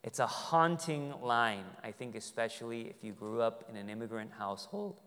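A pastor preaches an earnest sermon in a smooth, resonant, mid-range voice, expressive and at a moderate pace with few pauses. He shifts between loud, emphatic lines and quiet, tender ones, and a large hall gives his words a long reverb.

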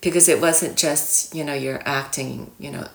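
A middle-aged woman tells stories as an interview guest in an animated, chatty way, with plenty of ums and restarts. Her voice sits a little low for a woman. The room around her is echoey. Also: normal speed, gravelly. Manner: animated, chatty storytelling with many fillers. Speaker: guest actress. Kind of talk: casual interview chat.

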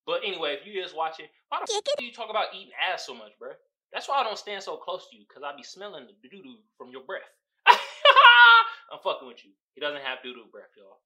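A young man from the Bay Area talks fast in a sing-song, sharp-toned voice on the high side, hosting a podcast where he rants about a movie. He swears, uses slang, and laughs often. The recording is rough.

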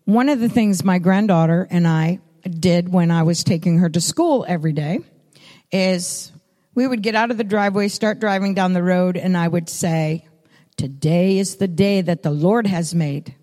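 A woman's voice: on the low side, normal speed, dark tone. An older woman preaching a sermon, telling stories with repeated, emphatic phrases. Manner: storytelling, repetitive emphatic phrasing. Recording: long reverb of a hall.

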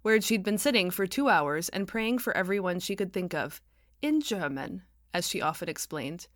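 A woman author narrating her own novel as an audiobook, wry and expressive. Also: fairly low pitch, normal speed, dry recording, clean studio sound.

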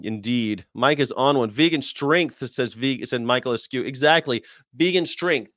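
A man's voice: medium pitch, moderate pace, a bit bright, no echo, studio quality. A man hosting a reaction video, brash and joking, swearing and repeating short slogans. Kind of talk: blunt reaction commentary.

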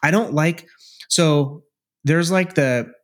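A man's voice: on the high side, takes it slowly. A man co-hosting a podcast, chatting casually in a rambling, laid-back, profane way. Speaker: podcast co-host. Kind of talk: casual chat.

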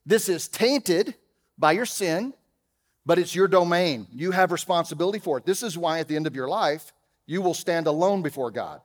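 A man preaching a sermon as pastor, conversational, with humorous asides, swinging from loud emphasis to quiet. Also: fairly high pitch, lively intonation, moderate pace, long reverb tail. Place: church auditorium.

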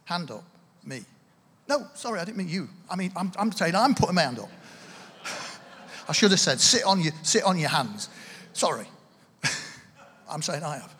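A man preaches a sermon in a conversational, self-deprecating style, lively with asides and laughs for the congregation. His high voice is unhurried, with long pauses, and the echoey hall adds distant reverb.

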